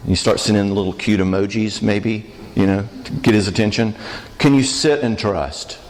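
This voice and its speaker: A man's voice: lowish voice, normal speed. Man speaking at a church conference. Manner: conversational, joking, asks audience questions. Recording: reverberant church hall.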